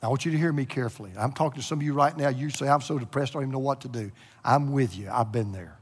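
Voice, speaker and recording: Man preaching a sermon, hushed to loud. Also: mid-range voice, very fast, breathy edge. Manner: emotional, swings from hushed near-whispers to loud preaching. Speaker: pastor. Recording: echoey hall with long reverb.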